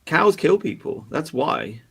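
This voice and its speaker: A man's voice: a little high, huge pitch swings, slow, gravelly, a bit bright, breathy edge. A young man co-hosting a stream, chatting casually, rambling, repeating himself and swearing a lot. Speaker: stream co-host. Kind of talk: casual chat.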